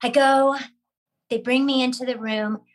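An actress telling a lively story about her career, acting out other people's lines as she goes. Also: sits high, a little slow, poor audio. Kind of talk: animated storytelling with acted quotes.

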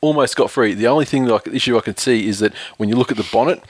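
A man's voice: mid-range voice, fast, husky, no room sound. A man, telling a profane road-rage story with laughs on a podcast. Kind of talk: casual chat, storytelling.

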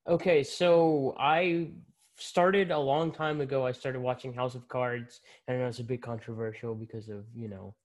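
A man's voice: medium pitch, fairly even intonation, moderate pace. A man who is a guest in a casual interview, giving easygoing and thoughtful answers.

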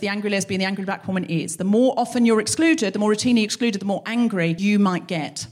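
A woman hosting a live show, delivering an animated, sweary comic monologue on stage. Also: a little high. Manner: animated, sweary, acts out quoted voices. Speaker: podcast host.

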